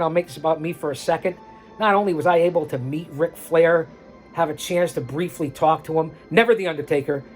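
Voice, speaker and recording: A man hosting a show, casually rambling his commentary over a video clip. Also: on the high side. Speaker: host.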